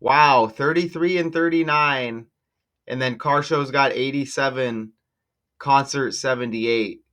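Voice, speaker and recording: A man hosting his own channel, talking casually and excitedly to viewers while walking through on-screen material, exclaiming often. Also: medium pitch, takes it slowly, muffled recording. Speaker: channel host decoding news numbers. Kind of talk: casual screen-share commentary.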